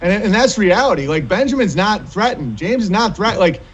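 A man talking as a guest on a casual podcast, telling animated, profane stories. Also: sits high, fairly quick, breathy edge, muffled recording.

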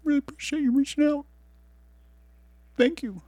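A man voicing a gentle male plant spirit who is tearfully grateful, in a high, earnest voice. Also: normal speed, no room sound. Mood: touched.

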